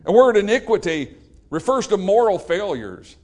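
Animated, high-pitched male preacher. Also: moderate pace. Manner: emphatic, repetitive preaching cadence. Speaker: pastor. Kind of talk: sermon.

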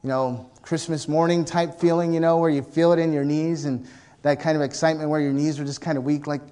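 Animated preacher man with a high voice. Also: brisk, clean tone. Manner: animated storytelling, acts out characters in high excited voices. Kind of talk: sermon.

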